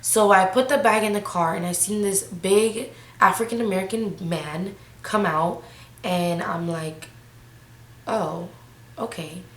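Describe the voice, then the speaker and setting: A woman's voice: medium pitch, a little slow, echoey room. Eighteen-year-old woman, slangy storytime vlog. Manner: casual, slangy, breathless retelling. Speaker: vlogger.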